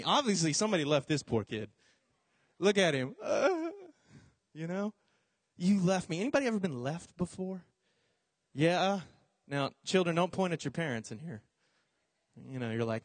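A young man preaching a casual, storytelling sermon, animated and jokey, acting out voices as he tells it. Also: a little high, normal speed, pauses often, no room sound.

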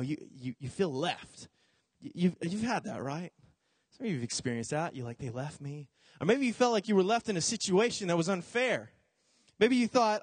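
High-voiced joking young preacher. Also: male voice, dry recording. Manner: animated, jokey, acts out voices in quotes. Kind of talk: casual storytelling sermon.

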